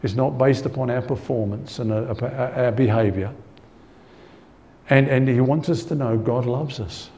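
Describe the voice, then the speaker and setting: A man delivers a sermon with a warm, mellow voice at an ordinary pitch. He preaches conversationally, repeats his main points for emphasis and drops in "you know" as he goes. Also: unhurried.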